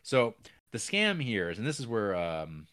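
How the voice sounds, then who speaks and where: Man, deep voice, dry close podcast sound, rambling casual film recap, lots of ums and restarts. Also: wildly swooping pitch, fairly bright tone, no room sound. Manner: rambling, many fillers and restarts; acts out characters' lines in quick asides. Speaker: podcast co-host. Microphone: podcast microphone.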